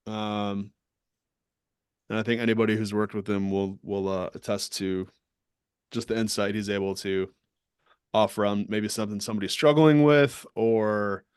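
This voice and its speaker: A man's voice: fairly low pitch, steady tone, normal speed, pauses often, clear, resonant tone, dry recording, studio quality. A man hosting a casual group discussion on a video call, asking loose, rambling questions. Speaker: host.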